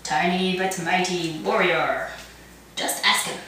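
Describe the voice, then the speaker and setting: A woman's voice: fairly low pitch, steady tone, slow, bright, forceful tone. A woman talking baby talk to her puppies in a sing-song, coaxing way, filmed at home. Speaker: puppy owner. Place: home room with dogs. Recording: echoey room, from far, noisy.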